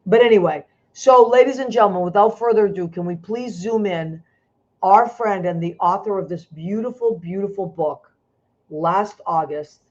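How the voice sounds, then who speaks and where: A woman's voice: mid-range voice, a little mellow. A woman hosting a talk show over a video call, emotional and effusive, restarting her sentences as she speaks. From Italian-American. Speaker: host. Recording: dull lo-fi video call audio.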